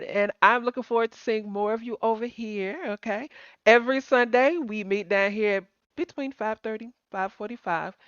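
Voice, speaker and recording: A woman from Texas, hosting a casual chat in an excitable, gushing way. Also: medium pitch, dry recording. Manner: excitable, gushing, laughs often. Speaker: show host. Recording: dull lo-fi sound.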